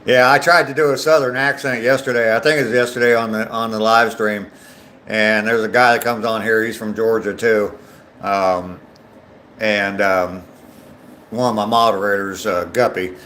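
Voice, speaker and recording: An older man from Ohio talks easily to his live stream viewers while out walking, reading their names and filling gaps with ums. His voice sits a bit low, and a faint outdoor hum runs behind him. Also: fairly even intonation, moderate pace, bright, forceful tone. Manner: reads viewer names aloud and chats back, with many ums. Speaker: livestream host. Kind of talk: casual live stream chat. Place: outdoors on a walk.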